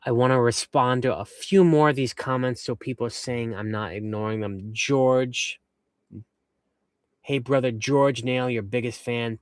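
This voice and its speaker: A man's voice: fairly low pitch, no room sound. A young man from western Massachusetts chatting casually on a livestream from his camper van, reading viewer comments in a rambling, upbeat way. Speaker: vanlife livestream host.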